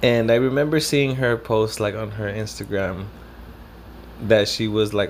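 Profane, rambling young man with a low voice. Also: moderate pace, a little hiss or hum. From Southern California. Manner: profane, rambling, mixes in Spanish slang. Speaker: storyteller. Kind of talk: casual storytelling.

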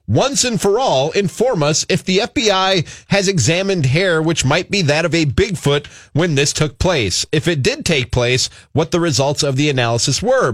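A man's voice: fairly high pitch, fairly bright tone, no room sound. A man co-hosting a comedy talk show, reading odd news stories aloud and mocking them sarcastically. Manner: sarcastic, quick to mock the story he reads. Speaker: radio show co-host.

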